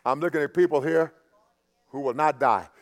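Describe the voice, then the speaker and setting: A man with a fairly high voice preaches a sermon in a chatty way. He restarts words, repeats phrases, and moves between loud emphasis and hushed asides. His voice rings with the long reverb of a church sanctuary. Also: normal speed. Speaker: pastor.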